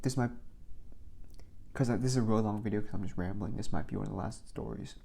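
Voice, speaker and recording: A man's voice: on the low side, quick pace, creaky, mellow, slight background noise. A young man casually rambling through work stories for his vlog, filling his talk with "like" and restarts. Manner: rambling, filler-heavy, many "like"s. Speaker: vlogger.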